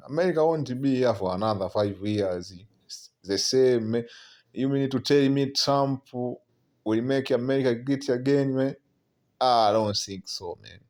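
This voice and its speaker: With a medium-pitched, slightly mellow voice, this man talks prophecy in an easygoing, conversational style. Between remarks he reads scripture aloud, stumbling over repeated words and capping lines with "man."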